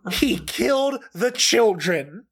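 A high-pitched man reads aloud with slow, drawn-out delivery and theatrical outrage. He swears freely and breaks into laughter often. His desk mic sits pushed back and turned down. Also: lively intonation, gravelly, a bit bright, slightly rough. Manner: profane, over-the-top and laughing often. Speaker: comedic reader. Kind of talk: dramatic comedic reading.

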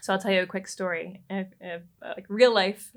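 Animated woman telling a story. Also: mid-range voice, fairly quick. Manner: animated, laughs often and acts out quoted lines. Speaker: relationship coach, podcast guest. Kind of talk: personal storytelling in a podcast interview.

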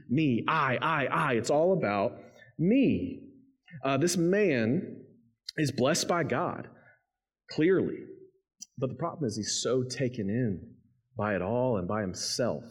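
A man's voice: fairly high pitch, darkish tone. A man preaching a sermon, reading scripture and then explaining it in a conversational, emphatic way. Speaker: pastor.

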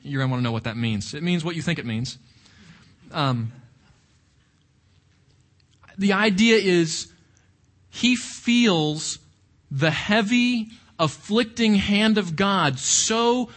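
A man with a high-pitched voice teaches through a Bible book. His delivery is animated and full of questions put to the listeners. He moves between reading passages aloud and explaining them. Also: slow. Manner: animated, asks the audience questions.

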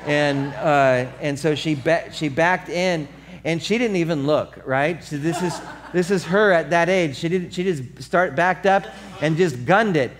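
A man preaching a sermon as pastor, telling a story with lively acted-out voices, then turning quiet and earnest. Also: on the high side, measured pace. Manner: animated storytelling, acts out voices; drops to soft earnest tone for the appeal.

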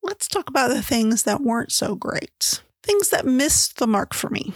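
A woman's voice: a little high, a little slow, breathy edge, no echo. Chatty woman reviewing a book, dry sound. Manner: chatty, animated retelling with filler words. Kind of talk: casual chat.

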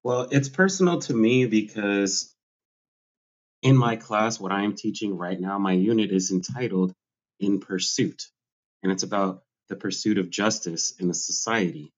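A man's voice: on the low side, normal speed. A man, a schoolteacher, explaining his stand in a resolute, principled way. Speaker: striking schoolteacher. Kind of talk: conversational interview answers. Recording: slightly dull lo-fi sound.

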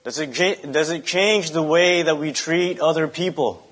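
A man's voice: fairly high pitch, normal speed, fairly bright tone. A young adult man, a pastor giving a sermon, speaking conversationally with rhetorical questions and asides.

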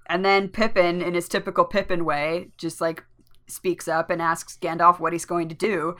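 A woman's voice: on the low side, flat delivery, normal speed, fairly bright tone. A woman co-hosting a podcast, retelling a book chapter in a casual chat with fillers and laughs. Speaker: podcast co-host.

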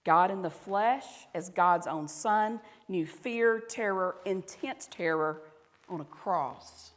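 A slow-paced, conversational sermon comes from a woman pastor with a Southern US accent and a fairly low voice. She talks directly to the congregation, sometimes lowering to soft, intimate tones, while the church hall echoes with long reverb.

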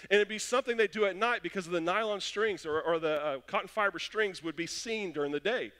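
A young adult man preaching a sermon, telling stories and acting out quotes with lively animation. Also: sits high, fast talker, clean tone. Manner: animated storytelling with acted-out quotes. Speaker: pastor. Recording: long hall reverb.

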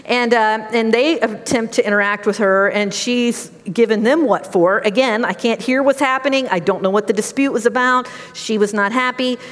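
A woman's voice: on the high side, normal speed, few pauses. Middle-aged woman preaching in a reverberant hall. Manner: conversational storytelling, animated. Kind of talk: sermon with personal stories.

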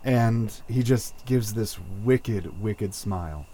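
Slow, halting male game master. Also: fairly low pitch, dark tone, a little hiss or hum. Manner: slow, hesitant narration with many fillers. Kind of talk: narrating a tabletop game.

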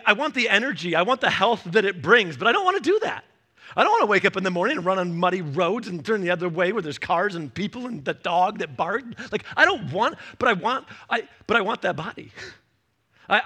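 A man in his forties, his voice sitting high, preaches a sermon as a pastor. He tells animated stories and acts out the voices of the people in them.

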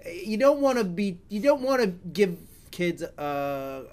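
This podcast host is a middle-aged man whose high, sing-song voice comes out somewhat mellow at a measured pace. His chat is loose and rambling, full of jokes and frequent corrections of himself.

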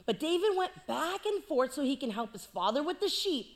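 Animated, high-voiced woman preacher. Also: normal speed. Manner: playful, animated storytelling with jokes. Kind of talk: sermon.

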